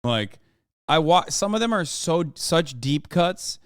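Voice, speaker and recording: A man's voice: on the high side, lively intonation, slow, a bit bright, clear, resonant tone, dry recording, studio quality. A man hosting a live stream, chatting casually and profanely while reacting to videos. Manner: profane, laid-back, joking. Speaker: streamer host.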